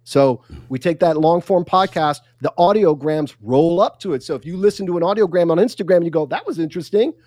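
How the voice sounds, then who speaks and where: A man's voice: on the high side, a little fast, hardly any pauses, a little mellow, dry recording, studio quality. A man guesting on a livestream interview, talking in a fired-up, emphatic way and acting out little quotes. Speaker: guest, content consultant.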